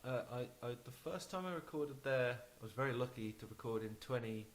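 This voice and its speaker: A man's voice: medium pitch, lively intonation, a little fast, a little hiss or hum, poor audio. A man speaking as an interview guest, chatty and easygoing, with frequent restarts. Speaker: guest musician. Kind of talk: casual interview chat.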